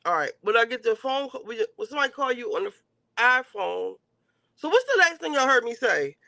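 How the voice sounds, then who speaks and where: A man hosting a casual livestream review of a reality show, ranting in an animated, profane way straight to his viewers. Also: extremely high pitch, brisk, gravelly, no room sound.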